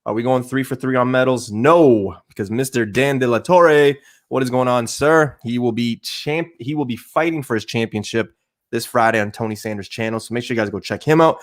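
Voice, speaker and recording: A man's voice: medium pitch, brisk. A man from Canada hosting a casual livestream chat, joking and loose with lots of fillers. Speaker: livestream host.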